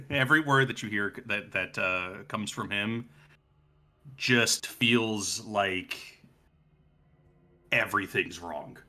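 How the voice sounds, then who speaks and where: A man runs a tabletop game, narrating in an unhurried, deliberate way. His voice sits fairly low but has a bright, forward tone. He laughs often and drifts through fillers as he describes the scene. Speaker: game master.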